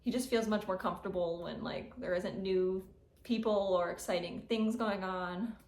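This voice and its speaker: A woman's voice: mid-range voice, steady tone, normal speed, a little mellow, slight background noise. A woman chatting casually to camera about her cat, gushing and giggling, with lots of "like". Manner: gushing, frequent likes and giggles. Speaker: cat owner vlogger. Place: at home indoors. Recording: roomy echoey room.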